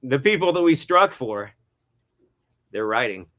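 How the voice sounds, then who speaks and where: A man's voice: medium pitch, very animated, measured pace, a bit bright. Rambling middle-aged man telling stories. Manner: rambling, many hesitant fillers, chuckles often. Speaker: guest cinematographer. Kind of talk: casual interview storytelling.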